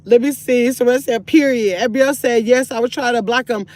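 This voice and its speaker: An older woman hosts a casual livestream on her phone from a parked car, reading chat comments aloud. She's chatty and excitable, shifting from sweet to sassy, and her voice is a little high at a normal speed.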